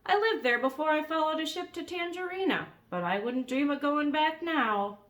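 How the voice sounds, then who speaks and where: Croaky ancient seagull, old guy, high and crotchety, a lady doing it. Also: lively intonation, moderate pace, fairly bright tone.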